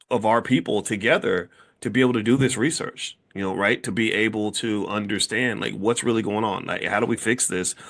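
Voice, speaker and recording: A man's voice: fairly low pitch, fairly bright tone. A middle-aged man hosting a casual conversation, talking in a rambling way with many restarts and fillers. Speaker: host, founder of a business school.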